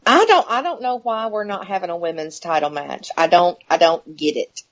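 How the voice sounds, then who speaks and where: A woman's voice: on the low side, normal speed. A woman speaking frankly as a podcast panelist, repeating herself in frustration. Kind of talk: casual podcast chat. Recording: dull lo-fi audio.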